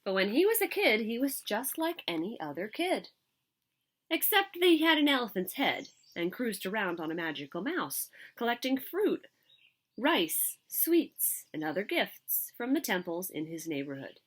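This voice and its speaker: Animated woman reading a picture book aloud. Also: mid-range voice, normal speed. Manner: expressive, animated. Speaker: story reader.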